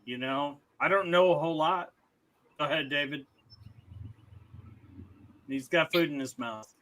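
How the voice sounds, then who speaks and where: Slow, hesitant man on a fan show. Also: fairly high pitch, fairly bright tone, dry recording. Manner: hesitant, many ums and restarts. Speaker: co-host. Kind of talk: casual sports talk.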